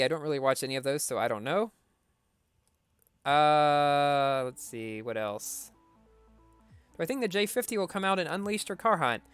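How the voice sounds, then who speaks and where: Smooth-voiced male streamer answering chat. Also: on the high side, fairly bright tone, no room sound. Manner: reads viewer questions aloud and answers briefly. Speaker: game streamer. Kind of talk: casual live-stream Q&A.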